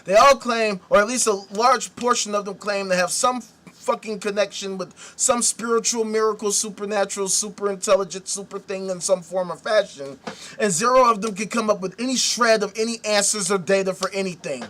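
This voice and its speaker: A man's voice: sits high, steady tone, fairly quick. A man hosting a show, delivering a profane, combative rant. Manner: angry ranting, shouts at times. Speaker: host. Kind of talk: ranting commentary.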